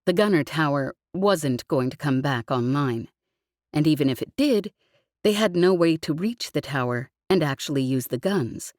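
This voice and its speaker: A woman narrating a science fiction audiobook with an even, expressive reading. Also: sits low, moderate pace, no room sound, studio quality. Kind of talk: scripted narration.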